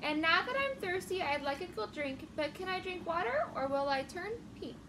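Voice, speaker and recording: Woman doing a fussy baby elephant, very high and squeaky, bouncy singsong, storybook creature. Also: expressive, moderate pace, recorded from a distance, noisy background. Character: confused fluffy baby elephant, sleepy and fussy.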